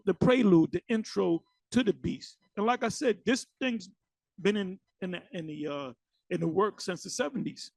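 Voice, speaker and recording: A man's voice: a little high, creaky, a little mellow, dry recording. A man giving blunt, mocking commentary as he reacts to online videos. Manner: mocking, blunt, swears freely.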